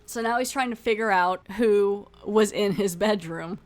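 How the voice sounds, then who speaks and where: A woman's voice: mid-range voice, a little slow. A young adult woman hosting a podcast, casually retelling a TV episode with lots of likes and you-knows. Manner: chatty, full of filler like and you know, acts out lines. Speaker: podcast host reviewing a TV episode.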